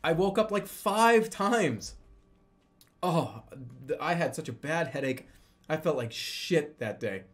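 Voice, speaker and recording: A man's voice: fairly high pitch, animated, takes it slowly. A young adult man, a streamer, telling a story in casual, profane speech with frequent laughter.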